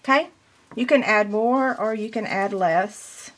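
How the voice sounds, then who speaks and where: A woman's voice: mid-range voice, measured pace, fairly bright tone. A woman giving a casual step-by-step paper crafting tutorial, chatty and self-deprecating as she works.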